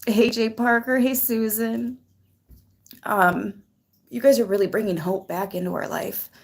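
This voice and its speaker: A woman's voice: a little high, fairly even intonation, unhurried, creaky. A woman hosting a tarot channel, chatting casually on a livestream while near tears, emotional and grateful as she greets viewers by name. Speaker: tarot reader and channel host.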